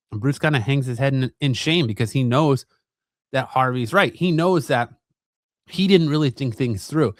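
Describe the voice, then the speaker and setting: A man hosting a comic review channel, retelling a comic's plot in a relaxed, rambling way with lots of fillers. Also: medium pitch, moderate pace, dry recording, studio quality. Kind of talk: casual comic book recap.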